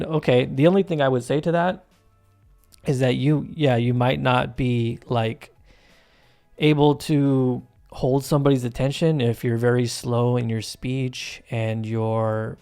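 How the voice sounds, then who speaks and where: This one is a medium-pitched, slightly mellow man hosting his own channel, heard only off camera. Over gameplay he rambles casually and emphatically, restarting often and leaning on fillers, all captured through a home voice-over microphone.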